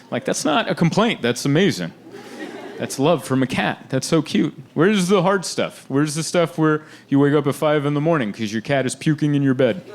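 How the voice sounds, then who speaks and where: A man doing a stand-up comedy set on stage, animated and laughing often as he acts out little scenes. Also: a little high, normal speed. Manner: animated, laughing often, acting out quoted voices. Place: live comedy venue with audience.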